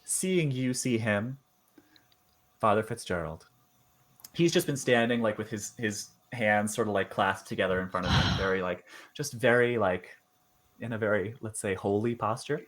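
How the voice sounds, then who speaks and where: Male game master, low voice, hesitant scene-setting narration. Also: fairly bright tone. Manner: halting, lots of fillers and restarts. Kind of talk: narrating a tabletop horror game.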